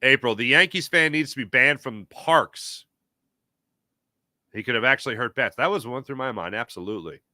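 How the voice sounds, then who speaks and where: A man hosting a casual sports talk show, talking emphatically and answering live chat with quick asides. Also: mid-range voice, bright, forceful tone, dry recording, clean studio sound.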